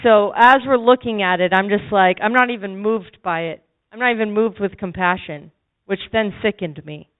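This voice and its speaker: Preacher, sermon testimony, emphatic repetition, medium pitch, dull lo-fi recording. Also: moderate pace.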